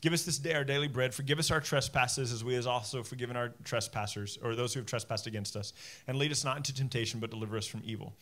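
A man in his forties, a pastor giving a sermon in a conversational, animated way, with many asides to the congregation. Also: medium pitch, fast. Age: 40s.

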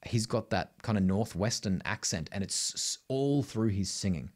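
Brief: middle-aged Australian male vocal coach, lowish voice, punchy and blunt. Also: expressive, normal speed. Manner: emphatic, blunt, keeps adding "right?". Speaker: singing teacher. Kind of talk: vocal tutorial to camera.

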